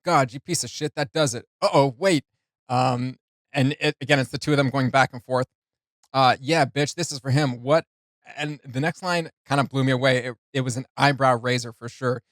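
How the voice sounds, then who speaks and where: A man talks through song lyrics for his reaction channel in an easygoing, unscripted way, laughing softly between thoughts and stumbling through fillers. His voice sits in an ordinary middle pitch. The recording is close and dry, with no room echo. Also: steady tone, moderate pace. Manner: chuckles often, loose, with many fillers. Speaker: reaction video host. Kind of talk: casual reaction commentary explaining rap lyrics.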